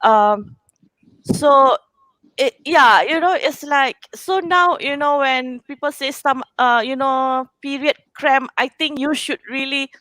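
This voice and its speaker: A Singaporean woman with a high voice talks as a guest in a casual chat. She speaks in an emotional, heartfelt way, leaning on "you know" again and again. The sound is close and dry. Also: slow pace, pushed and bright, no room sound, poor audio. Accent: Singaporean English.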